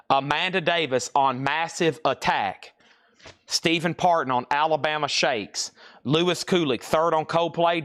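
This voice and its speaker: A man's voice: fairly high pitch, fairly bright tone. A man running a live-stream record sale, calling out lots and bids with casual asides. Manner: rapid lot calls and bid tallies with casual asides. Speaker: live auction seller.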